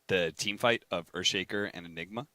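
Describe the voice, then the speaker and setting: A man casting a video game match, trading playful banter and quick analysis with a co-caster. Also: deep voice, sharp tone. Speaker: esports caster. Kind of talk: casual game commentary.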